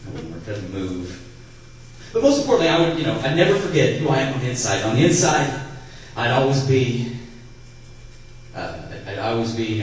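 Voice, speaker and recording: A man in his late twenties doing a stand-up comedy set, animated and breaking into loud character bits. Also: mid-range voice. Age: 20s. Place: comedy club stage with live audience. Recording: echoey room from far off, audience.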